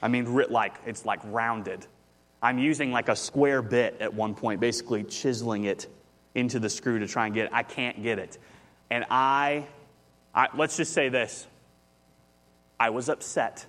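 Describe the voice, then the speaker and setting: A man's voice: medium pitch, moderate pace, fairly bright tone. A man, preaching a conversational sermon as pastor, telling a story and rising with animation.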